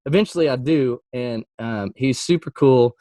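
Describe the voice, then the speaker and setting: A man who is a Christian music artist, telling a story in a casual interview. He acts out quotes with sudden jumps in pitch and laughs often. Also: moderate pace, mellow, no echo.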